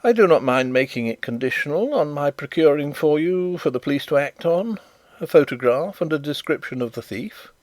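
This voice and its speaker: A man reading an audiobook, voicing a good-humoured, shrewd male detective with measured delivery. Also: fairly high pitch, expressive, a little mellow, dry recording, pitched above the performer's own voice, close to an everyday voice. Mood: assured. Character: urbane blind male detective, genial and shrewd.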